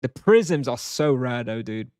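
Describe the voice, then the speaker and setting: A man's voice: mid-range voice, animated, a little slow, darkish tone, no room sound, studio quality. A man streaming a game live, chatting casually and answering viewers at length. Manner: rambling, reads chat aloud and answers.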